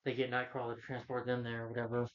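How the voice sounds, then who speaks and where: A man's voice: mid-range voice, monotone, fast talker, highs cut off. A man reviewing a film in a rambling, casual rant, full of "you know" fillers and exasperated asides.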